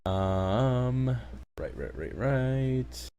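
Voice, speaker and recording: An anime reviewer with an expressive, mellow mid-range voice recaps episodes extremely slowly, with slight background noise. He rambles casually, swears often, and drifts into asides full of fillers.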